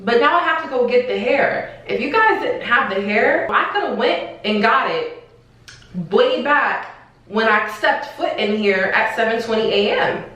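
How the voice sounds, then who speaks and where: A young woman telling a story in a casual vlog, in an animated, exasperated way, with slang and swearing. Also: fairly high pitch, a little slow. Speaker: vlogger. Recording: echoey room, far from the mic.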